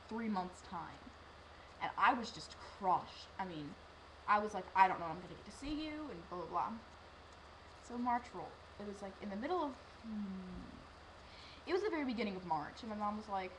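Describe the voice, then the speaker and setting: Teenage girl, rambling emotional storytelling, acted-out quotes, mid pitch, noisy camera recording. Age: teens. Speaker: vlogger. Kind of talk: personal storytelling vlog.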